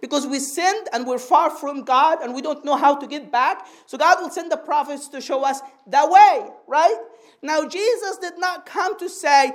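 A woman preaches a sermon to her congregation in a high, bright voice. She teaches patiently, repeatedly asks for an amen, and slows down to stretch out the phrases she wants to emphasize.

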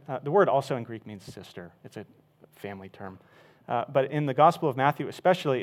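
A man preaching a sermon, emphatic, with wide swings from loud to soft. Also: medium pitch. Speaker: pastor.

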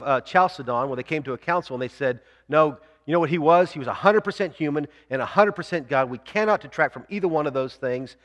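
Male pastor, earnest sermon delivery with a slightly raised pitch, reverberant sanctuary sound. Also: fairly bright tone. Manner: earnest preaching, slows down to read scripture aloud.

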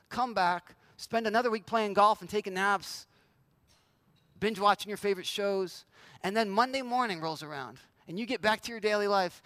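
A male pastor with a high, bright voice delivers a sermon in a loose, conversational way. He slips into little acted-out voices for the people he quotes. The sound is close and dry. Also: no echo.

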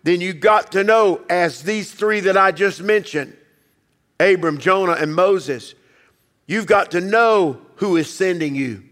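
A man preaching a sermon as pastor, emphatic, acting out quoted voices and dropping low to quiet passages. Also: measured pace, long reverb tail.

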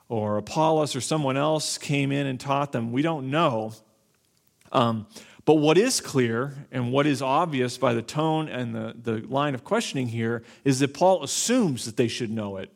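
A man preaching an expository sermon as pastor, talking deliberately and repeating key phrases. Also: mid-range voice, vocal fry.

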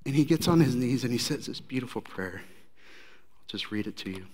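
Man preaching an animated sermon. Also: mid-range voice, normal speed, slightly rough. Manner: animated, conversational storytelling. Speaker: pastor.

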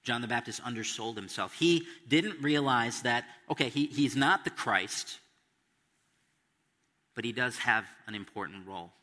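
A man's voice: medium pitch, measured pace, sharp tone, in a large hall. A man preaching an expository sermon, stressing quotes and asking the listeners questions. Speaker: pastor.

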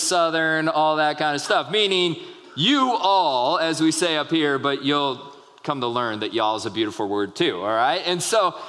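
A pastor preaching in a church sanctuary, his slightly raised voice carrying a long hall reverb. He tells stories the way he would chat, breaking off to check in with the congregation. He is a young adult man speaking with easy warmth from the pulpit. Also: fairly high pitch. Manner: conversational storytelling with asides to the congregation. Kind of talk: sermon.

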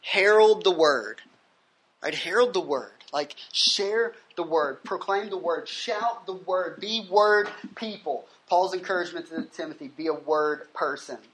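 An emphatic pastor delivering a sermon at a gathering on a university campus. He reads scripture passages aloud and then unpacks them. He keeps checking in with the listeners through a steady "right?". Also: medium pitch, unhurried.

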